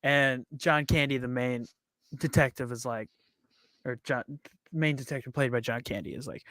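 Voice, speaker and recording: A podcast co-host casually recaps a movie scene by scene, dropping quick acted quotes and laughing often along the way. The voice is mid-range, steady and a bit bright, with a clean tone in a dry, studio-quality recording.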